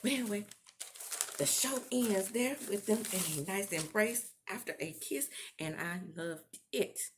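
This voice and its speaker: A woman's voice: mid-range voice, measured pace, background noise. A woman recapping a TV episode in a casual vlog, laughing and acting out the characters' lines as she retells the scenes. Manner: animated, laughing, acts out quotes in character. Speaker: TV recap vlogger.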